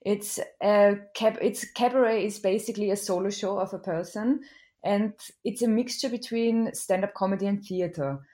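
Austrian woman, mid-pitched, relaxed guest chat. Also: moderate pace. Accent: Austrian German. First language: German. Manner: friendly, explanatory, laughs easily. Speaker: guest comedian. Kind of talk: casual interview chat.

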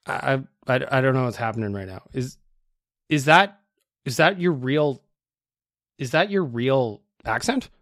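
A man's voice: mid-range voice, lively intonation, unhurried, long pauses, a bit bright, dry recording, clean studio sound. A man hosting a casual podcast, chatty and self-deprecating as he plays listener voicemails. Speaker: podcast host.

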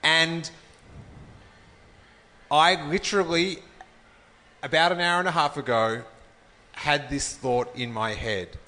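A man's voice: fairly high pitch, fairly even intonation, slow, pauses often, bright, forceful tone, long reverb tail. A man co-hosting a casual comedy chat, playful and laughing, often restarting his sentences. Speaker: podcast co-host.

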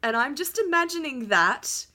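A woman's voice: sits high, lively intonation, moderate pace, bright, forceful tone. A woman in her thirties co-hosting a podcast, with giggly, sweary banter and casual chat. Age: 30s. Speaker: podcast co-host.

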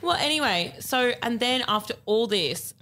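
A woman's voice: fairly high pitch, animated, moderate pace, pushed and bright. A woman telling a long comic story on a podcast, rambling with many fillers and laughing through her punchlines. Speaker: podcast panelist. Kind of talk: casual comedic storytelling.

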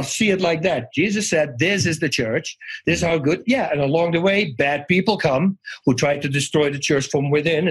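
A man telling personal stories as an interview guest, animated and acting out the voices of people he quotes. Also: fairly high pitch, husky, rough recording. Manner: animated, acts out quoted voices, restarts often. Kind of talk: conversational storytelling.

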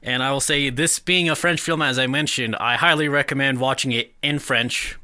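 A man's voice: medium pitch, fairly even intonation, normal speed, sharp tone, no room sound. A man co-hosting a podcast, steering the talk with dry, wry asides. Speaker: podcast co-host leading the segment. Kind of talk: casual chat.

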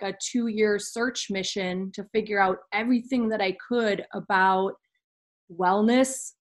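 A young woman in her twenties, a podcast guest candidly telling a personal story in an earnest way. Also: medium pitch. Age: 20s.

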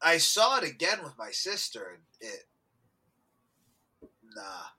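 A young man chatting casually as a podcast co-host, his voice very bright and somewhat high. He tells stories with lively swings in pitch and acts out quotes from them. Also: takes it slowly, breathy edge, poor audio. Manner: animated storyteller, acts out quotes, bursts into shouts and laughs. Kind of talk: casual chat.

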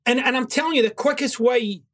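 A man's voice: extremely high pitch, fairly quick, fairly bright tone. A man hosting a self-help show, giving a blunt, confrontational monologue full of swearing. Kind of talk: motivational monologue.

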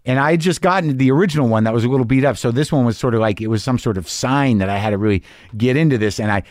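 A man's voice: mid-range voice, very fast, darkish tone, no room sound, clean studio sound. A man hosting a podcast, reading listener emails aloud and riffing on them in a wry, profane, rambling way. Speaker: podcast host.

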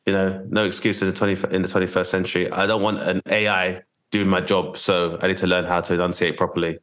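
A man hosts a comedy podcast, riffing in a loose, jokey, rambling way. His voice is low and a bit bright, with a level tone and a fast pace.

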